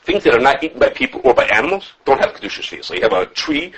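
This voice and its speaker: A man who teaches a class on religious law. He lectures with lively animation, thinks aloud, restarts his sentences, and quotes his sources as he takes questions from students. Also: mid-range voice, rapid-fire, gravelly, breathy edge, low-quality recording. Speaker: rabbi teaching a halacha class.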